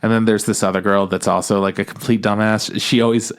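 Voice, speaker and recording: A man co-hosting a podcast in casual chat, animated and laughing often as he retells scenes. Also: brisk. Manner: animated, acts out characters in high voices, laughs often. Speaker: podcast co-host.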